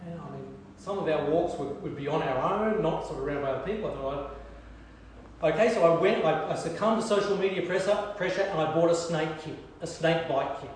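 Aussie pastor preaching, animated storyteller, long reverb, faint room noise. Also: male voice, fairly high pitch, brisk. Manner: animated storytelling, shifting from soft hushed emphasis to lively humor. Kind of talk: sermon. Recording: echoey hall, distant mic.

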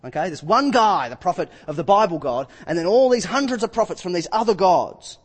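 Male preacher, sermon, high pitch, echoey hall. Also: brisk, husky. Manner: animated, retells scripture with acted quotes.

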